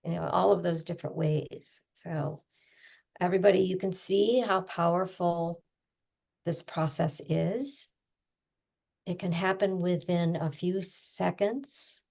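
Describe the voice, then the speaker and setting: A middle-aged woman coach talking casually, explaining with everyday images and quick asides. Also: lowish voice, creaky, a little mellow. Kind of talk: casual conversational teaching.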